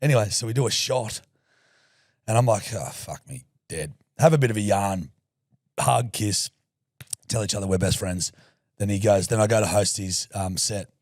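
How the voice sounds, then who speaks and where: A young adult man with an Australian accent, co-hosting a podcast and telling crude, jokey stories in a loud, lively voice. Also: fairly low pitch, normal speed, long pauses, no room sound, clean studio sound. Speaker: podcast co-host. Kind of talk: casual chat.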